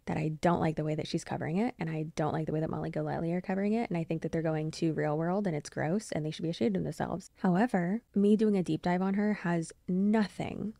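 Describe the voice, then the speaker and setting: A young adult woman hosting a commentary vlog, answering criticism in a measured, pointed way. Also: lowish voice, fairly even intonation, creaky, dark tone, no echo. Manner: measured, pointed rebuttal with occasional dry laughs. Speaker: YouTube commentary host.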